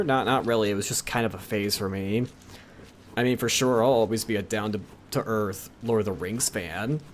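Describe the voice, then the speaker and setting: A man's voice: medium pitch, a little hiss or hum. A young man streaming live, chatting casually with his viewers in a rambling way and often correcting himself. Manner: rambling, with frequent self-corrections. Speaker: livestreamer.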